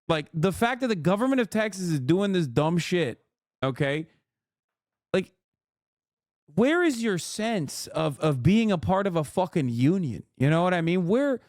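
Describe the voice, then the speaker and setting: A man with a notably high voice reacts to a video on stream, sarcastic and swearing freely. The sound is dry and close. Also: darkish tone, no echo. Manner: heated, profane, sarcastic rants. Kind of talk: casual reaction commentary.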